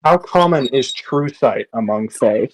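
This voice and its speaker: A man's voice: medium pitch, lively intonation, unhurried, slight background noise, rough recording. A man playing a tabletop game, talking hesitantly and swearing when things go wrong. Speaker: player. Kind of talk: tabletop role-play chat.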